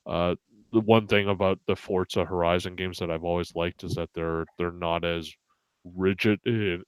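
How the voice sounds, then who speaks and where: Deep-voiced man chatting casually. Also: clean tone, no room sound. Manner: rambling, many fillers and restarts. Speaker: podcast co-host. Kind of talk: casual chat.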